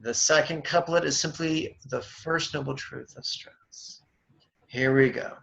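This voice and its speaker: A man leading a guided meditation as its teacher, speaking in a slow, measured way and dropping dry jokes between chants. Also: on the high side, fairly even intonation, creaky, a bit bright, dull audio.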